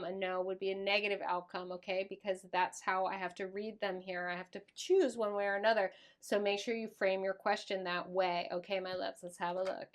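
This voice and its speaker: Gushing woman giving a tarot reading. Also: medium pitch. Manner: warm, affectionate, gushing. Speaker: tarot reader. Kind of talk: casual tarot reading to camera.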